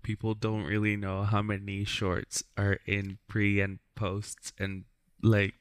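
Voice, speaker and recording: A man who makes short films and talks in a frank, wry way, peppering his talk with curses. His voice is on the low side and sounds close and dry. He speaks like someone venting to a friend. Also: monotone, takes it slowly, clear, resonant tone, no echo. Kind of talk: casual chat.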